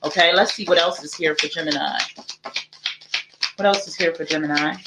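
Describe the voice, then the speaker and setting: A woman's voice: sits low, fairly even intonation, moderate pace, heavy background noise. A woman giving a casual live tarot reading, chatty and repetitive, thinking aloud as she draws each card. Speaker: tarot reader.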